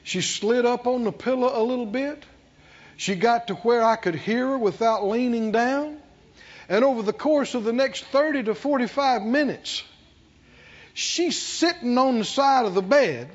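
A husky-voiced male preacher with a high voice tells a story from the pulpit and leads the congregation in call and response. He speaks slowly, with wide, sweeping rises and falls. The recording is dull and lo-fi. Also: expressive. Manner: slow, drawn-out phrases, rising to shouted chanting.

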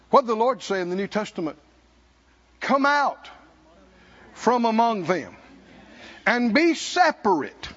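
An older man preaching a conference sermon, animated, acting out voices and drawing responses from the congregation. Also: high voice, breathy edge. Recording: dull lo-fi live recording.

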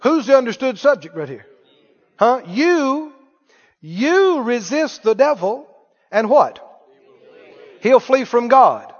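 A man's voice: extremely high pitch, big pitch swings, takes it slowly, pauses often. A man preaching a sermon, emphatic, firing questions at the congregation. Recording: muffled hall recording with long reverb.

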